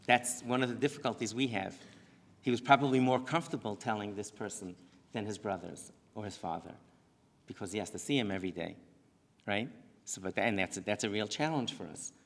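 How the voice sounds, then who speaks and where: A man's voice: lowish voice, a little fast. Earnest man lecturing in a reverberant hall. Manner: earnest, talks in restarts and asides. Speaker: rabbi giving a presentation. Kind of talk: lecture to parents. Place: synagogue hall.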